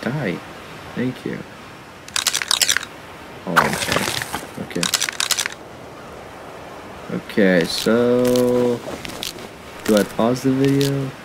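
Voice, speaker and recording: A man's voice: mid-range voice, expressive, extremely slow, pauses often, heavy background noise. A young man giving casual, rambling commentary while he plays, chatting to his viewers and to the animals in the game. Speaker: gaming YouTuber.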